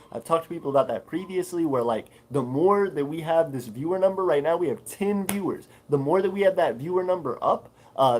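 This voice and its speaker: A man's voice: on the high side, a little mellow, low-quality recording. Rambling man hosting a livestream. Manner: rambling, many fillers, reads chat aloud. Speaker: livestream host. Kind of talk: casual livestream chat.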